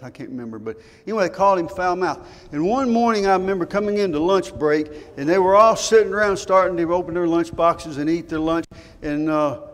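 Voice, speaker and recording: An older man preaching a sermon, telling folksy stories and asking his congregation rhetorical questions. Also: a little high. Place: church sanctuary. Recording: church hall reverb.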